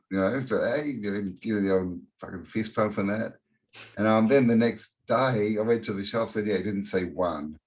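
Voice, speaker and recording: A man's voice: fairly low pitch, moderate pace, darkish tone. A man as a podcast guest, chatting bluntly with casual swearing and frequent laughs. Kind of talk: casual chat.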